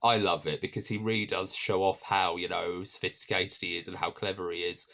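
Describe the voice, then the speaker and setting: A man with a low voice reviews a TV episode in a loose, chatty way. He wanders through his points and keeps stopping to restart or fill gaps with ums. He comes across earnest and keen on the episode. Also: steady tone, a little fast, a bit bright. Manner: rambling, many fillers and restarts. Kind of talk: casual spoken episode review.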